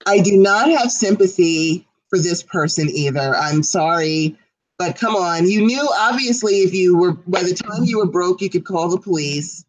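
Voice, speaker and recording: A woman's voice: fairly low pitch, moderate pace, poor audio. Emphatic woman co-hosting a chat show. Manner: emphatic, indignant, talks it through at length. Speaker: co-host. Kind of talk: casual chat.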